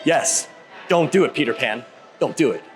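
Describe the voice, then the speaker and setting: A man's voice: mid-range voice, expressive, normal speed, over music. A man in his thirties giving a casual workout tutorial in a gym. He rambles and jokes, with goofy asides and self-interruptions. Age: 30s. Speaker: fitness YouTuber.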